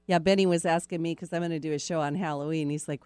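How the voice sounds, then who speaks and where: A middle-aged woman hosts a radio show from a studio, talking in a loose, chatty way with frequent laughs. Her voice sits on the low side, and the studio mic gives a close, dry sound. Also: level tone, fast, darkish tone, clean tone, no room sound. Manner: chatty, laughs easily, rambling. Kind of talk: casual radio chat. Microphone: studio microphone.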